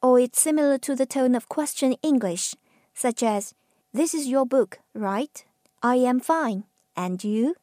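Slow, mellow-voiced Chinese woman teaching. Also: high-pitched, expressive, no room sound, studio quality. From China. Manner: patient, drawn-out model words. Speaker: Mandarin teacher. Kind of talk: slow pronunciation lesson.

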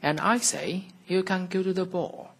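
A man voicing a kind, cheerful old fairy godmother in a storybook reading, warm and brisk. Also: sits high, steady tone, vocal fry, slightly rough, voice pushed up, heavily acted. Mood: kindly.

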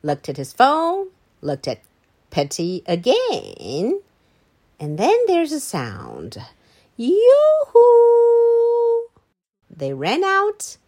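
A woman reading a children's book aloud and explaining it to kids, expressive and playful. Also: fairly low pitch. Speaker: storybook reader. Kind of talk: bilingual read-aloud for kids.

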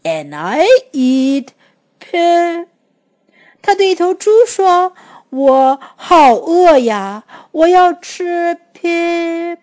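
Woman reading as a hungry, big-hearted storybook dinosaur: very slow, high and bouncy. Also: sing-song, a little mellow, full character voice. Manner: slow, drawn-out, emphatic words.

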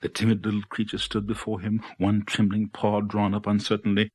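A man reading a children's picture book aloud as the storyteller, with expressive delivery and playful sound effects. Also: on the low side, brisk, slightly rough.

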